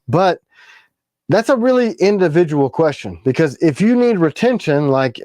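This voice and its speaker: A man's voice: mid-range voice, a little mellow, dry recording, clean studio sound. A man co-hosting a live stream about his knives, talking in a rambling, casual way. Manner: rambling, jumps between thoughts, quick laughs.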